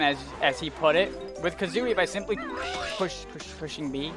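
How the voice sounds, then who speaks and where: Lively young man ranting over gameplay. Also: a little high, moderate pace, music in the background. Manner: rambling, easily exasperated, ranting at the game. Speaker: let's play commentator. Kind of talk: gameplay commentary.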